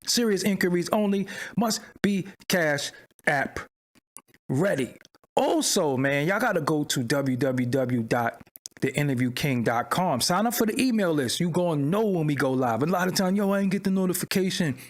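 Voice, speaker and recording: A man hosting a livestream in casual talk, loud and animated, swinging between excited exclaiming and low muttering. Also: normal speed. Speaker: livestream host. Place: home studio at his screen.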